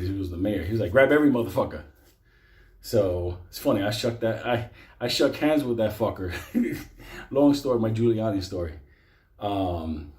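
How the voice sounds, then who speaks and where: A man telling a comic story, profane and animated, often laughing. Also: fairly low pitch, roomy sound.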